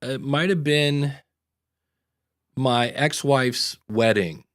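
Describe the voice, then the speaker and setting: A middle-aged man at an ordinary, mid-range pitch chats on a podcast. He rambles through personal anecdotes, stopping and restarting his sentences as he goes, and keeps the tone loose and conversational. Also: very slow, fairly bright tone. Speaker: podcast host. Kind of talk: casual chat.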